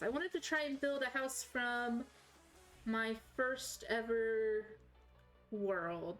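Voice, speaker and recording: A woman's voice: fairly high pitch, takes it slowly, a bit bright, faint music behind, poor audio. Chatty streamer woman, slight Southern twang. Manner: rambling, self-correcting, chatty. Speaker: game streamer. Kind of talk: casual chat while playing.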